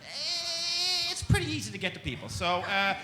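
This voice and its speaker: A man's voice: sits high, wildly swooping pitch, fast talker, sharp tone, roomy sound, slight background noise. A man telling a comic story on a panel, full of energy and laughter, acting out other people's voices. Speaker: comedian panelist. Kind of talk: animated storytelling with impressions. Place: panel on a stage before an audience.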